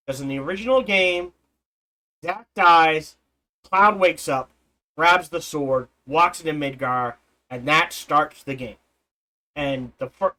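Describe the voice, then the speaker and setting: A man's voice: sits high, sharp tone, low-quality recording. A man in his forties giving casual, rambling gameplay commentary, often restarting and correcting himself. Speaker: let's play host.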